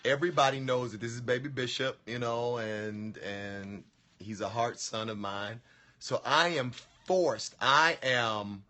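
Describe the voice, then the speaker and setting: A man's voice: mid-range voice, steady tone, unhurried, pushed and bright. A man in casual conversation, chiming in with short reactions before telling his side of the story.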